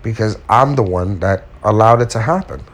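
A man's voice: lowish voice, moderate pace. A man speaking casually and candidly to his viewers, giving self-help advice and telling a personal story with acted-out quotes. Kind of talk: casual motivational talk to viewers.

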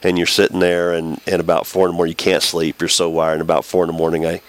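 A man, a former baseball pitcher, telling the story of a game as an interview guest, acting out what people said. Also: fast. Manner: animated storyteller, acts out quotes.

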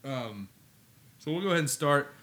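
A man's voice: fairly high pitch, expressive, moderate pace, fairly bright tone. A man co-hosting a casual podcast, talking in a laid-back, rambling way with plenty of fillers. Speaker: podcast co-host.

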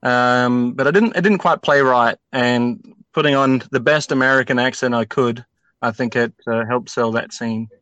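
Australian man, podcast guest, mid-pitched, halting and self-deprecating, dry close sound. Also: steady tone, a bit bright, dry recording. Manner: hesitant, self-deprecating, many uhs. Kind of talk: casual chat.

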